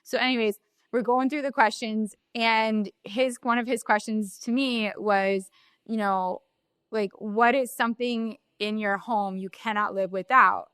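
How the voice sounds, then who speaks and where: A woman's voice: fairly high pitch, steady tone, measured pace, fairly bright tone, smooth, no echo. A young woman co-hosting a podcast, chatting casually and telling a story with lots of fillers. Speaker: podcast co-host. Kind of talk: casual chat.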